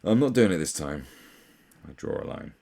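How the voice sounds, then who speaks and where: Ranting man, sweary and animated. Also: deep voice, moderate pace, gravelly. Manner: profane, sarcastic, exasperated. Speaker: commentary channel host. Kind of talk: ranting commentary.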